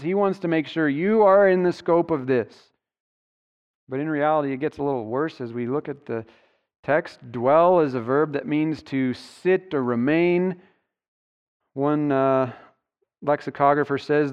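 A man delivers a sermon in a fairly high, smooth and resonant voice. He works through a scripture passage and leans on key words to drive each point home. The sound carries a long church-hall reverb and a dull, muffled tone. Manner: expository preaching, stressing key words. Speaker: pastor. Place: church sanctuary.

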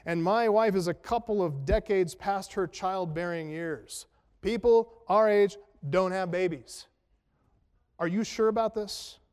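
An exasperated old priest, emphatic and incredulous, as a preacher puts him on. He pushes back hard in a raised, fairly high voice. A long hall reverb trails behind him. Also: unhurried, a little mellow, clear, resonant tone.

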